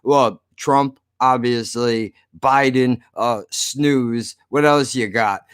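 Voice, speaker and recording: A man's voice: mid-range voice, fairly even intonation, takes it slowly, fairly bright tone, clear, resonant tone, no echo, studio quality. A man hosting his own podcast, ranting casually with slurred speech and lots of swearing. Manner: slurred, profane, rambling. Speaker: podcast host. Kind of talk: casual rant to listeners.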